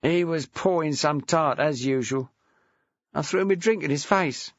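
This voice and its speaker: A man voicing a brash, crude, sharp-tongued ex-wife in a storybook reading. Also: on the high side, normal speed, dry recording, highs cut off, voice pushed up, natural voice. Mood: coarse, defiant. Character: coarse, brash chain-smoking ex-wife, a woman.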